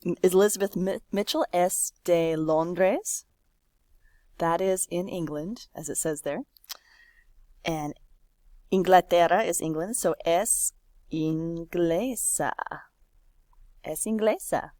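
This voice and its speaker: A woman teaching a lesson with a lowish voice and a very unhurried pace, drawing out words so learners can follow. She is recorded close on a dry microphone with no room sound. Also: a little mellow, dry recording. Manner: explains slowly, stretching out words for learners. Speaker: Spanish teacher. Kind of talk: screen-recorded lesson walkthrough.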